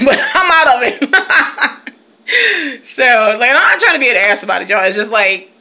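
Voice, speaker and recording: A woman chats loosely to her viewers from her home computer. Her voice is bright and forward, and her talk is playful, full of laughs and stray snatches of song. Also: fairly high pitch, big pitch swings, moderate pace. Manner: chatty and playful, laughs often, drops into song. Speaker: teacher and video blogger. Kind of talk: casual chat to camera.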